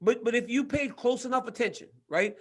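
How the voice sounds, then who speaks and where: A man in his forties, a former fighter, co-hosts a casual chat in a fairly high, slightly rough voice, talking a little fast. He's an animated storyteller who tells stories with gusto, repeats his words, and acts out what others said.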